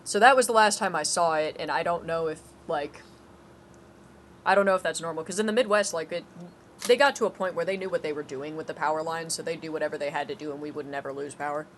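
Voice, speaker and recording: A woman's voice: sits low, quick pace, a bit bright, slight background noise. A woman co-hosting a game stream, chatting casually, laughing often and swearing freely. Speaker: co-host. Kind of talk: casual gameplay stream chat.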